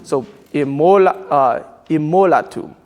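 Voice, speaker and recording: A man's voice: on the high side, animated, measured pace. A man leading a choir rehearsal, coaching Latin pronunciation and speaking lines for the singers to repeat. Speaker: choir director. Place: church rehearsal space. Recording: long reverb of a church hall.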